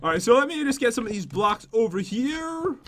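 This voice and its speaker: A man's voice: very high voice, very animated, brisk, a bit bright. A man co-hosting a game video, joking playfully with his partner. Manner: goofy, jokey, playing to his partner. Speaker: gaming channel co-host. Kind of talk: playful let's-play banter.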